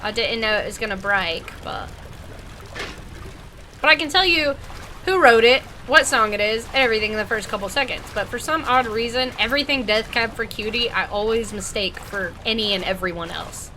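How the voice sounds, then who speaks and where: Bright, chatty woman gamer. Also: fairly high pitch, moderate pace, a little hiss or hum. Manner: chatty, rambling, joking. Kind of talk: horror game let's play commentary.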